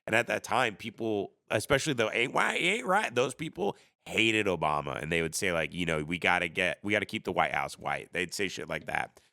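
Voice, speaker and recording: Gravelly, bright-toned sarcastic man. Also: low voice, lively intonation, a little fast, hardly any pauses, no echo, studio quality. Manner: sarcastic, rambling, puts on mocking voices. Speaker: livestream comedy host. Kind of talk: casual comedic storytelling rant.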